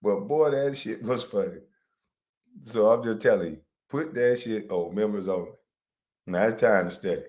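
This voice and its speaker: A man's voice: fairly low pitch, moderate pace, darkish tone. A man hosting a livestream, ranting profanely and mockingly, breaking into laughter. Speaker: livestream host. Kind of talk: profane comedic rant.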